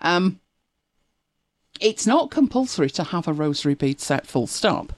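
Woman, chatty storyteller, lively swooping voice, dry close sound. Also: fairly low pitch, unhurried, no echo. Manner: chatty storyteller, laughs often. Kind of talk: casual chat.

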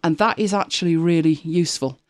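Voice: mid-range voice, brisk, no room sound. A host of a tech live show chatting casually, rambling with frequent restarts and exasperated asides. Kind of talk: casual chat.

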